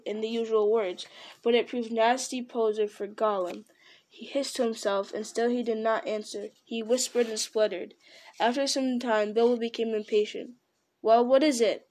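A woman reading a children's story aloud in a measured, gently expressive way. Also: a little high. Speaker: narrator.

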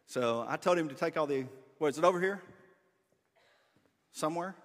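A man's voice: on the high side, moderate pace. Pastor guy preaching, laid back, chats with the room, long church reverb. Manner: relaxed conversational preaching with asides to the room. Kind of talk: sermon. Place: church sanctuary.

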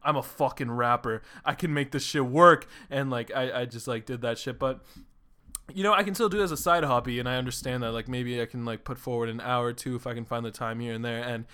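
A young man hosting a solo podcast who talks in an excited, rambling way, swears freely and fills his talk with "like". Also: mid-range voice, fast, smooth. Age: young adult. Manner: excitable, rambling, swears a lot, says "like" often. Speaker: podcast host. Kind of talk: casual solo podcast monologue.

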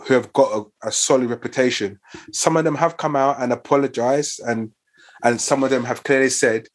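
A man in a casual chat, hesitant with fillers, then giving blunt opinions. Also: medium pitch.

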